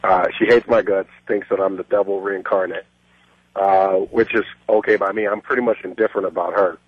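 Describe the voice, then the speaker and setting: A man's voice: sits low, fairly even intonation, a little fast, breathy edge, no echo. A brash, boastful middle-aged man calling in to a radio show and telling a long story. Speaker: caller. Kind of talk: phoned-in storytelling. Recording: muffled phone line.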